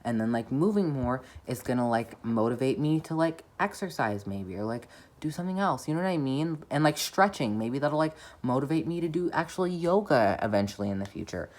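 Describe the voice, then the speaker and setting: A young woman with a strikingly deep voice chats through a casual vlog update from home. She rambles, fills her sentences with "like," and pokes fun at herself along the way. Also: lively intonation, fairly quick, hardly any pauses, a little mellow. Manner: rambling, heavy use of "like"; chatty and self-deprecating. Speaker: vlogger.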